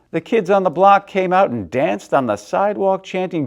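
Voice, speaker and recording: A man reading a children's picture book aloud, swinging between soft and loud in an expressive way. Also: a little high, moderate pace, hardly any pauses. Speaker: storyteller, theater director.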